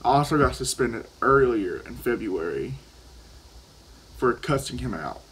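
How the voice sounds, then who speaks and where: A man's voice: mid-range voice, animated, unhurried, a bit bright, husky, rough recording. Rambling, profane teenage boy. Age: teens. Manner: profane, rambling, restarts sentences. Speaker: vlogger. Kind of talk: casual storytelling while vaping.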